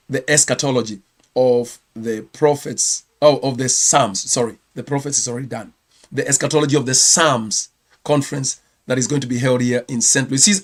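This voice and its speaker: A man from Kenya with a Kenyan accent, hosting a casual ministry news roundup, chatty and quick to correct himself. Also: on the high side. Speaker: ministry host.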